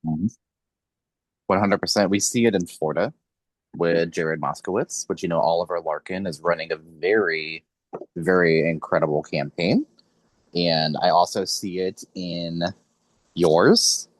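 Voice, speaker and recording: A man's voice: low voice, unhurried, dry recording. A man from Missouri hosting a podcast interview, blunt and opinionated. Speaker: podcast host.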